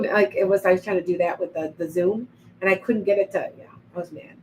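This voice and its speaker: A woman's voice: medium pitch, fast, a little mellow, slight background noise, low-quality recording. A middle-aged woman hosting a casual psychic livestream, rambling and reading out viewer comments as they come in. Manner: chatty, rambling, reads viewer comments aloud. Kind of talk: casual live-stream chat.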